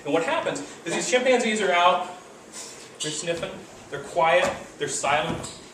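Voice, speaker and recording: A man giving a lively university lecture, now and then acting out animal calls. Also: high voice, a little slow. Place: large lecture hall. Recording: echoey lecture hall, distant mic, background noise.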